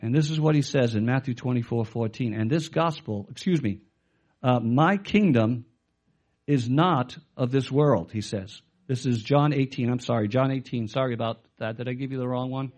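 A man's voice: mid-range voice, moderate pace, darkish tone. A middle-aged male pastor preaching a sermon with emphasis, quoting scripture and putting questions to his listeners.

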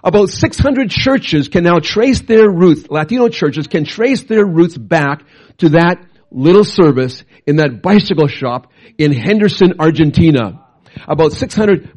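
A middle-aged male pastor preaches through a long story with a husky, slightly raised voice. He talks in animated bursts and often restarts his sentences. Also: on the high side. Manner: animated, bursts into loud acted quotes, frequent restarts. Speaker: pastor and missionary. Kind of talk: storytelling sermon.

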